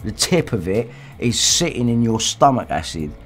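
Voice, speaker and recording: Angry, profane man, animated livestream host mid-rant. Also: mid-range voice, normal speed, soft background music. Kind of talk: casual rant.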